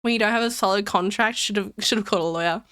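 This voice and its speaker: A woman's voice: medium pitch, fast talker, a bit bright, no echo, clean studio sound. A young woman streamer chatting casually with her chat, rambling and giggling between jokes.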